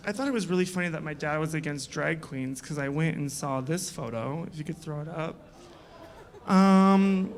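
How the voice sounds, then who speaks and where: A man's voice: on the high side, a bit bright. A young man from Iowa doing live stand-up on a bar stage, crude and sarcastic, teasing the crowd. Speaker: comedian and host.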